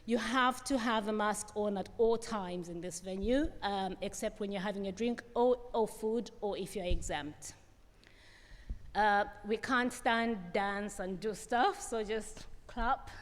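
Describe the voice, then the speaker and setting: A woman's voice: mid-range voice, measured pace. A woman organiser giving venue notices to an audience, hesitant, stopping and restarting often. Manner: hesitant, many fillers and restarts. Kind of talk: venue announcements. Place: hall venue. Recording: long hall reverb.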